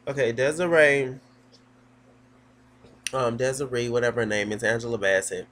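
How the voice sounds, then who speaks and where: A man's voice: medium pitch, steady tone, normal speed, a bit bright. A man giving a casual, gossipy recap of a TV episode, sassy and full of fillers.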